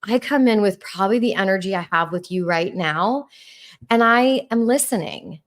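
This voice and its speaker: This podcast features a middle-aged woman from New York, a relationship coach who speaks with a New York accent at a moderate pace. Her voice sits in the mid-range, and her warm, calm delivery rises and falls in pitch.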